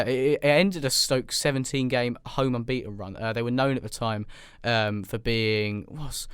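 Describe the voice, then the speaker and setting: A man co-hosts a casual football podcast, rambling and joking through his stories with lots of ums. His voice is smooth and clear. The recording is close and dry. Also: mid-range voice, no room sound. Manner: joking, rambling, with many fillers. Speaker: podcast co-host.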